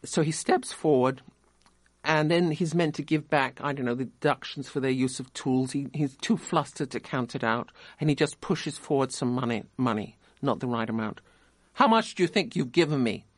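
A man's voice: mid-range voice, normal speed, dry recording. A man giving a conversational literature lecture and reading passages aloud. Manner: conversational, explanatory, with restarts.

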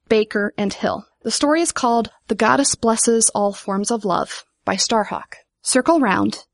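A woman calmly explaining a custom and then reading a children's story aloud, measured and clear. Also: on the high side, no echo, studio quality.

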